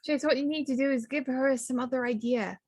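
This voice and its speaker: A woman's voice: high-pitched, fairly even intonation, a little fast, a little mellow. A woman playing a tabletop game, chatting playfully and giggling often. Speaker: player. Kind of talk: casual in-character role-play.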